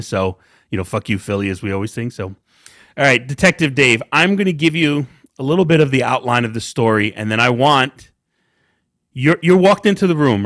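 Male podcast host, playful and teasing, mid-pitched voice, dry studio recording. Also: fairly bright tone, no echo. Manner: joking, teasing, sets up segments. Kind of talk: casual chat.

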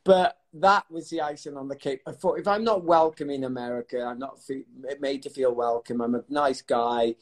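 A middle-aged man from the United Kingdom, a retired athlete telling stories in a chatty, animated way in an interview, laughing now and then. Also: medium pitch, normal speed, few pauses. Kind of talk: casual storytelling interview.

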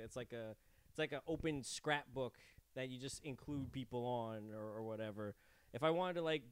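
Male podcast host, lively high voice, loose jokey rambler recorded at home. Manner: rambling, jokey, laughs often. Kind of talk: casual chat. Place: home living room.

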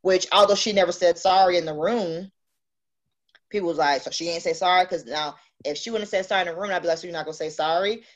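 A woman in casual podcast chat, telling a personal story with animated delivery and acting out the voices in it. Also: fairly low pitch, quick pace, lo-fi sound. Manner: animated storyteller, acts out dialogue. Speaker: guest sharing a story.

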